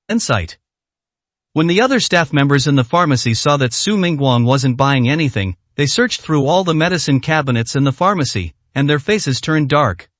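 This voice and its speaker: A man narrating an audiobook story in an animated storytelling manner. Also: on the high side, no echo.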